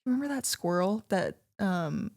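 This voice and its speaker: Young female co-host, casual and expressive, pitch all over the place, laughs easily. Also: fairly quick. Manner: chatty storyteller, animated, laughs often. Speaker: podcast co-host. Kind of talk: casual chat.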